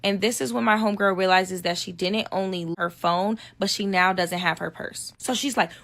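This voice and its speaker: A woman's voice: mid-range voice, steady tone, normal speed, vocal fry, a bit bright. Young woman storyteller, casual and slangy, conversational vlog delivery. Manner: chatty, slangy, quotes people with "I'm like". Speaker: storytime vlogger.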